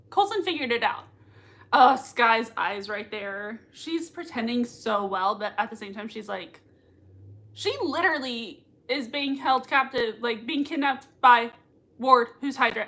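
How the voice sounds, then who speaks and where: Excitable woman reacting live to a show, giggly and gushing, highish voice, kinda sharp and bright. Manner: gushing and excitable, laughs often. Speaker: livestream reaction host. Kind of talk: live watch-party reaction, reading chat.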